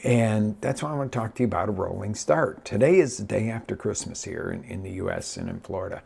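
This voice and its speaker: A man coaching live in an energetic, direct way, addressing his listeners with many quick restarts. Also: lowish voice, creaky, slightly rough. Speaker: life coach. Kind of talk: live motivational talk.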